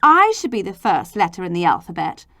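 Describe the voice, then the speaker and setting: A woman's voice: fairly low pitch, big pitch swings, fairly quick, pushed and bright, dry recording, clean studio sound, exaggerated voice. A woman voicing Zed, a vain, pushy letter Z who boasts about its zigzag shape, in a read-aloud storybook. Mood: boastful. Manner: proud, boastful declaiming.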